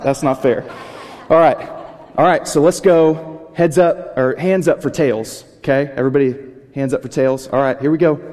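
A young male pastor with a mellow, slightly high voice works the room in a playful, jokey way. His words ring out with the long reverb of a big church auditorium. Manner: jokey, upbeat, addressing a crowd. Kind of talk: playful sermon opener with audience game. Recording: long reverb of a large hall.

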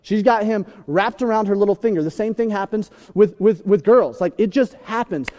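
A man preaching a sermon in a joking, animated way, acting out little scenes. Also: sits high, moderate pace, muffled recording. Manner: animated, joking, acts out voices. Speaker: pastor. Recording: reverberant hall.

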